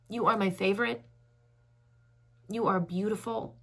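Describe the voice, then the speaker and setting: Slow, bright-voiced woman giving oracle encouragement. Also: a little high, expressive. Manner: slow, soft, affectionate, emotional encouragement. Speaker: tarot reader. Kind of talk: channeled oracle message to viewer.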